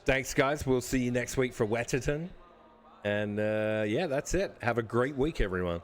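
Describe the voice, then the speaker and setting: A man who calls himself a tired old man, casting a sim racing broadcast in a relaxed, chatty way. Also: medium pitch, normal speed. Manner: relaxed, yawning and laughing. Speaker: race caster.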